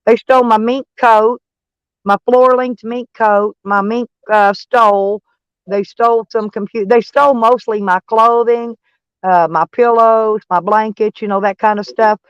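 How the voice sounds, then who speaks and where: A woman's voice: on the high side, steady tone, measured pace, clean tone, dry recording. Crude, laughing woman livestream host; muffled dry sound. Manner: blunt, crude, laughs often. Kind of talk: casual livestream chat. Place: in a van.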